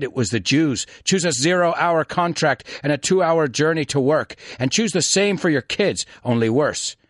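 Casting: a man doing a disillusioned Scottish man, scornful list-by-list rant, lively pitch, dry studio sound. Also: no room sound, natural voice. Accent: put-on Scottish. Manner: rhythmic, scornful list-like delivery.

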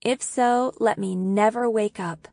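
A woman narrating a novel in the first person, in an expressive storytelling manner. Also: fairly high pitch, a little slow, creaky, no echo, clean studio sound. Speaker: audiobook narrator.

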